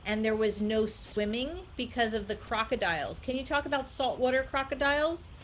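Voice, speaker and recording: A woman's voice: fairly high pitch, moderate pace, slight background noise. A woman hosting an interview, asking curious questions and passing along questions from viewers. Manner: curious, relaying audience questions. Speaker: host interviewer.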